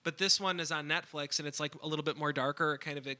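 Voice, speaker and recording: A man's voice: a little high, fairly even intonation, fast, bright, forceful tone. A man co-hosting a casual podcast, joking and swearing in a laid-back way. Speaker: podcast co-host. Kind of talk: casual chat.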